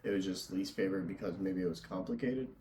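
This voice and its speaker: A man's voice: deep voice, quick pace, dark tone, slight background noise. A young man hosting a casual interview, easygoing and chatty, laughing often. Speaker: podcast host and tattoo artist.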